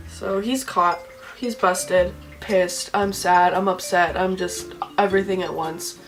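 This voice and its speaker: A young adult woman vlogger with a lowish, fairly even voice tells a personal story at a moderate pace over soft background music. She's chatty and emotional, saying "like" constantly throughout her casual delivery.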